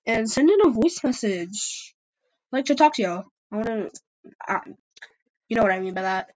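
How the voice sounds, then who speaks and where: A woman's voice: a little high, animated, moderate pace, darkish tone, rough recording. A woman narrating an amateur fan story and chatting to listeners, hesitant and full of fillers. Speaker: storyteller and channel host.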